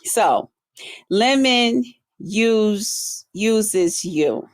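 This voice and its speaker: A woman hosts a casual livestream and talks back to viewer comments. Her delivery is sassy and animated, with sudden high exclamations and low, muttered asides. Her voice sits a little high, and she speaks slowly and drawls. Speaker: livestream host reading comments.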